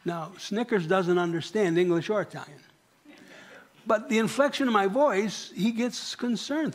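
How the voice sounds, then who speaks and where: A man's voice: high voice, normal speed. A man preaching a sermon in a church, talking with the congregation and asking them questions. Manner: conversational, asks the congregation questions. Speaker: pastor.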